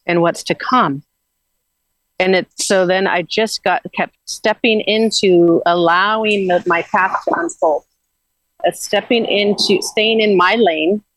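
A woman's voice: lowish voice, no room sound, poor audio. A woman guest earnestly recounting a spiritual journey in casual, rambling talk with frequent restarts.

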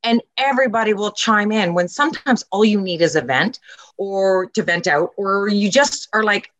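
A woman's voice: mid-range voice, normal speed, no echo. A middle-aged woman talking casually and emphatically as a parenting coach, acting out the lines she quotes. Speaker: podcast guest, parenting coach. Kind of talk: casual conversation.

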